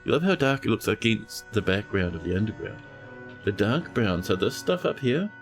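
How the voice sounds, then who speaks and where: A man's voice: fairly low pitch, sing-song, moderate pace, creaky, soft background music. Playful New Zealand man streaming a game. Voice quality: soothing. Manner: playful, teasing chat with mock-dramatic asides. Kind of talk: casual live-stream commentary.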